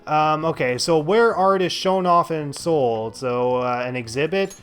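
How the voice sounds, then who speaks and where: A man's voice: on the high side, measured pace, a bit bright, clean tone, soft background music. A man giving casual gameplay commentary as a let's play host, sarcastic and thinking aloud with lots of fillers.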